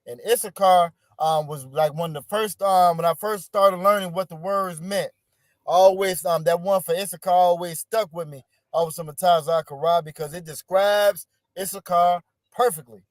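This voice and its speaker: A man's voice: high voice, normal speed, no echo, clean studio sound. A man teaching an online class over a video call, encouraging his students and often repeating words.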